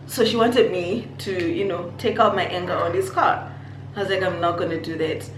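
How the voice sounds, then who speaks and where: Recorded in an echoey room with a little background noise, a young woman from Zimbabwe shares a personal story on her YouTube vlog. Her mid-range voice moves at a normal pace as she animatedly acts out others' words.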